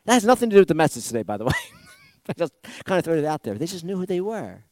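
This pastor delivers his sermon in a lively, animated manner, laughing often and acting out the voices he quotes. His male voice is on the high side and quick, with no echo.

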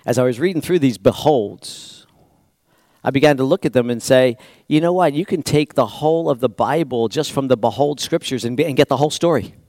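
A man's voice: mid-range voice, fairly quick, a little mellow, no room sound. A man pastor preaching a sermon in a church, talking in a conversational, rambling way with restarts and repeated words.

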